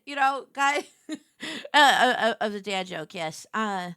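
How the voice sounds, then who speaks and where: Bright, animated woman streamer. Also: mid-range voice, unhurried, clean tone, no room sound, studio quality. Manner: animated, jokey, swings between loud squeals and murmurs. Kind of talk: casual live-stream chat.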